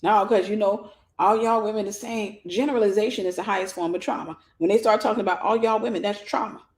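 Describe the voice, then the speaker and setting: A woman minister giving an animated teaching sermon, acting out scenes and speaking straight to her listeners. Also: medium pitch, fast. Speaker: minister and mentor.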